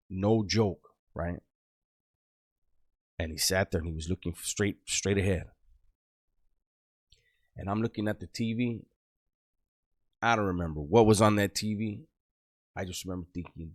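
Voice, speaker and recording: Deep-voiced man telling a rough street story. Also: dry recording, clean studio sound. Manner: profane, street slang, loose and rambling. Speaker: storyteller recounting his past. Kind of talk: casual storytelling.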